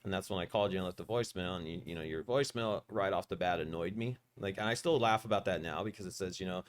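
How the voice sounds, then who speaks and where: Fast-talking, profane male podcast host. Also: low-pitched. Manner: rambling, profane, animated storytelling. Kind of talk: casual storytelling interview.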